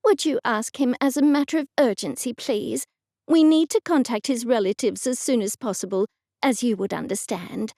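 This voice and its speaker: A brisk, bossy older aunt snaps out orders in a curt, commanding manner with a gravelly edge, as a woman narrator puts her on. Her voice is raised somewhat above the narrator's usual pitch, and the reading is dry and close. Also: mellow, no room sound.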